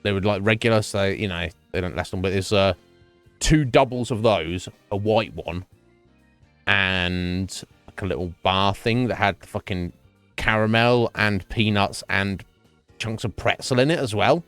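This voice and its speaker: Guy streaming from his desk, lowish voice, swears a lot, rambles on, game music faint underneath. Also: measured pace, fairly bright tone, no room sound. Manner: rambling, swears freely, chuckles often. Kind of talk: casual chat while gaming. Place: home gaming desk.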